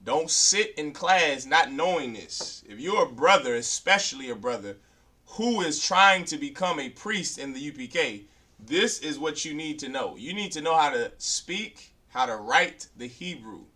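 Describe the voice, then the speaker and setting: A man's voice: on the high side, expressive, a little slow, sharp tone, recorded from a distance. A man teaching a beginner language class, drilling letters aloud and then lecturing firmly.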